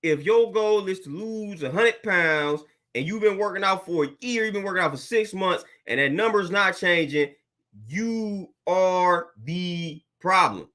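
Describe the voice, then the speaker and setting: A man's voice: sits high, a little slow, bright, forceful tone. A young adult man, a fitness trainer, ranting bluntly and preachily to camera, repeating himself and using slang. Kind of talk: blunt motivational rant to camera.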